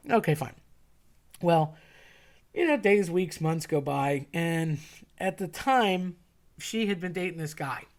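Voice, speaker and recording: Woman, casual storyteller, chatty and animated. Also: on the low side, slow, pauses often. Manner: chatty, animated, acts out quoted voices.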